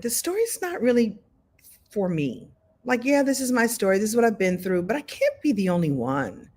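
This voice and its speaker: A woman teaching a live online storytelling workshop, talking in an animated, conversational way with many repetitions. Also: mid-range voice. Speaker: story coach. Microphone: video call.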